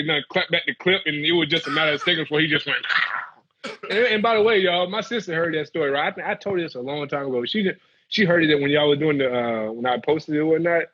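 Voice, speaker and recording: Animated man telling a story, lo-fi. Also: on the high side, background noise. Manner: animated, laughs, acts out quotes. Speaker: guest, former football player. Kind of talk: casual storytelling.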